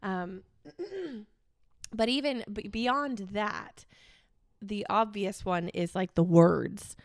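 A woman chats casually as a podcast guest. She talks in an animated, filler-heavy way. Her voice is smooth and clear, and the recording is dry with no room sound. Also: medium pitch, slow pace, no echo. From United States. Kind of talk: casual chat.

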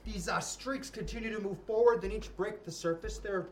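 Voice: mid-range voice, moderate pace, crowd noise. A game master running a tabletop game, calling out dice rolls and describing the scene. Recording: distant mic with background noise.

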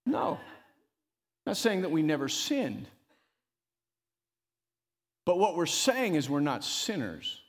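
A man preaching a sermon as pastor, emphatic and animated, often rising loud and dropping to a near hush. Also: slow, long pauses, in a large hall. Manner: emphatic preacher who rises and drops in pitch and loudness, calling "come on".

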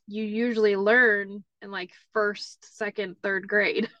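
A woman's voice: mid-range voice, little pitch movement, slow pace, fairly bright tone, no echo, dull audio. A woman guest telling family stories in a casual chat, leaning on "like" and "you know" as she talks. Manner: chatty, many "like" fillers. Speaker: interview guest.

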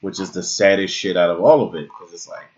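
A man's voice: sits low, a little fast, muffled recording. A young man co-hosting a casual podcast chat, swearing and joking with friends. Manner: animated, swearing, jokey impressions. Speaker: podcast co-host.

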